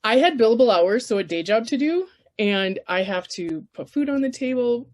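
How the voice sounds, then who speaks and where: A woman's voice: on the high side, expressive, normal speed. A woman from Canada presenting a casual writers' workshop, emphatic, blunt and encouraging.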